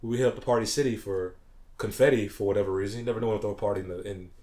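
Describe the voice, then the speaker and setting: A man co-hosting a casual podcast, joking and animated, often acting out quoted people. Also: fairly low pitch, rapid-fire. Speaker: podcast co-host. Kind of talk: casual chat.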